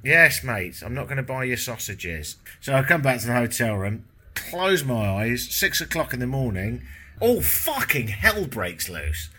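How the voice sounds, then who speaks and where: Jet-lagged British man, bright voice. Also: medium pitch, big pitch swings, measured pace, a little hiss or hum. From Britain. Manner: wry, self-deprecating, sweary. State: jet-lagged, up all night. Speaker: travel vlogger. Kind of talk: casual travel vlog monologue. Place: hotel room with windows closed.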